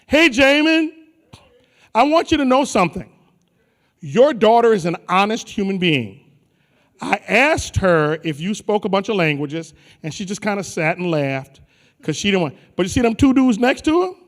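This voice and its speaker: Teasing high-voiced male emcee in a hall. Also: lively intonation, moderate pace, a bit bright. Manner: playful, teasing, colloquial. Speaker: conference emcee. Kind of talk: joking crowd work on stage. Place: large conference hall. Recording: live hall with long reverb.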